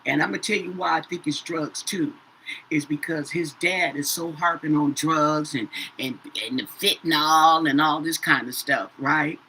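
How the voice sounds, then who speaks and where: A woman's voice: sits low, normal speed, pushed and bright, a little hiss or hum, low-quality recording. Chatty woman reading tarot cards. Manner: says "okay?" after nearly every phrase, repeats herself. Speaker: tarot reader. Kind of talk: casual tarot reading to viewers.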